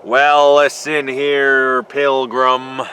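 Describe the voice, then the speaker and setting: Man doing a gruff old cowboy: very slow drawl, bright, firm, outdoors with faint traffic. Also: mid-range voice, completely flat delivery. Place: outdoors in a built-up area.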